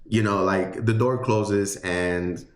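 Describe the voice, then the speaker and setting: Man, low voice, tarot reader, chatty livestream, lots of ums, roomy echo. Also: steady tone, takes it slowly. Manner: chatty, rambling, many fillers and restarts. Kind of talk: casual livestream tarot reading.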